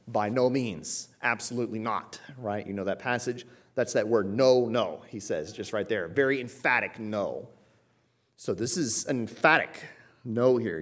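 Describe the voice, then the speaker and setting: A man delivers an expository sermon with the earnest tone of a teaching pastor. His voice sits at an ordinary pitch. He lifts sharply on the words he wants his listeners to hold onto. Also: darkish tone. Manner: earnest teaching with emphatic rises on key words.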